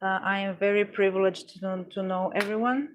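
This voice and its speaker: A woman chats to her livestream viewers while she works, rambling along with playful deadpan jokes. Her voice is mid-pitched for a woman. A faint hiss sits under the recording. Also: normal speed, muffled recording. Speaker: livestream artist. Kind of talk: casual livestream chat reading comments.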